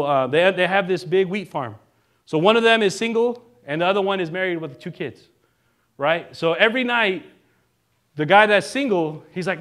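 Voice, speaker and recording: A male minister giving a relaxed, conversational sermon, joking now and then and often checking in with the congregation. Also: high-pitched. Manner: casual and joking, keeps asking the congregation "right?".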